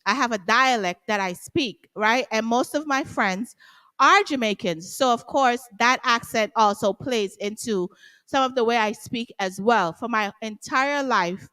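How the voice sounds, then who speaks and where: Interview guest: woman, high voice, emphatic and passionate. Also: pushed and bright. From Guyana. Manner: emphatic, passionate, rhetorical tags like "right?". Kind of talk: casual interview talk.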